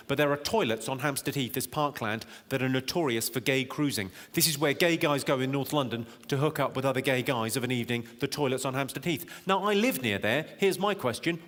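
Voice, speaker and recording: A man's voice: medium pitch, slight background noise. Wry male stand-up comic, echoey hall. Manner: wry, punchline-driven delivery that teases the crowd. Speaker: stand-up comedian. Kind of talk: stand-up comedy routine. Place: large theatre venue with a live audience. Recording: echoey hall, loud audience laughter.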